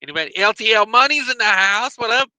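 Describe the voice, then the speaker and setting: A man's voice: high voice, animated, quick pace, pushed and bright, dry recording, low-quality recording. A man hosting a casual trucking livestream on his phone, reading viewer comments in a loose, joking way. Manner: loose and joking, many fillers and asides.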